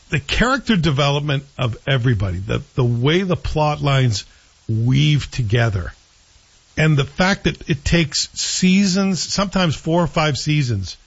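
A man's voice: on the high side, lively intonation, unhurried, husky, dull audio. A man hosting a show, chatting casually and with strong opinions about a TV series he is watching. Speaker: show host. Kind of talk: casual TV review chat.

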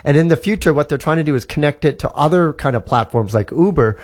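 A man's voice: fairly high pitch, expressive, a little mellow. A Canadian man in a casual radio chat, explaining gadgets with enthusiasm, with plenty of fillers and restarts. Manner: enthusiastic, talks fast with many fillers and restarts. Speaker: tech columnist guest.

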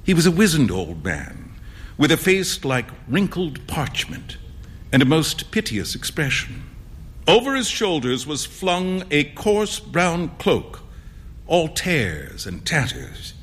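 A man narrates a classic story in an expressive storybook manner. His voice sits a little higher than most men's and moves freely, with lively pitch. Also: slow pace, breathy edge.

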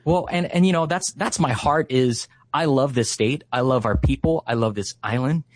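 A man in his thirties, a ministry leader, telling a heartfelt story in conversation, often pausing with "uh" and "you know". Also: medium pitch, no room sound.

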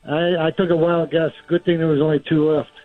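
A man's voice: on the high side, flat delivery, fairly quick, faint music behind. A man calling in to a radio show, chatting casually and laughing often. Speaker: caller. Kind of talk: casual radio call-in chat. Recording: tinny phone line.

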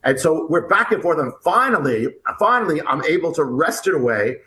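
A man who is an author and guest, telling a story about himself in an animated, halting way, with many restarts and repeated words. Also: a little high. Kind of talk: animated first-person storytelling. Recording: echoey room.

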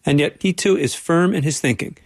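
A man's voice: on the high side, a little fast, no room sound, clean studio sound. A male correspondent narrating a radio feature in a wry, playful way.

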